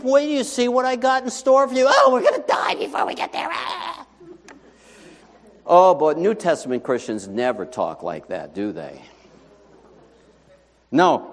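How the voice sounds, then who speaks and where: A man preaching a sermon as pastor, in a conversational, animated way full of rhetorical questions. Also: very high-pitched, in a large hall.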